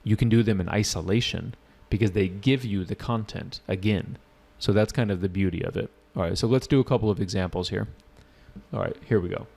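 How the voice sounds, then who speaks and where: Gravelly-voiced man teaching a test prep class. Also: fairly low pitch, fairly quick, a little mellow. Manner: casual, joking, reads out student questions. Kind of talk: live online class.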